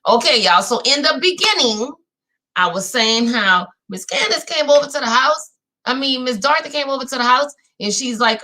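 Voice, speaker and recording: A woman's voice: sits high, normal speed. A woman from New Orleans with a New Orleans accent, chatting casually as she recaps a reality show for her viewers. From New Orleans, Louisiana. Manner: animated and chatty, addresses viewers as "y'all". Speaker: recap host.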